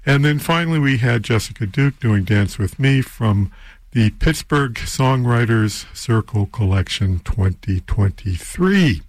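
A man's voice: mid-range voice, expressive, measured pace, no echo. A man hosting a casual radio show, rambling and unsure of himself as he back-announces songs with self-deprecating asides.

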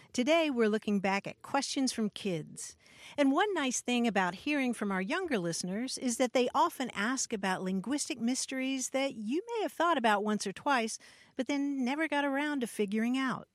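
A woman from Kentucky co-hosts a language call-in show and chats with young callers in an encouraging way. Her voice sits a little high and is recorded close and dry. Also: lively intonation, normal speed, no room sound. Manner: warm, encouraging, chatty with callers. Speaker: radio show co-host. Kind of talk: casual radio chat.

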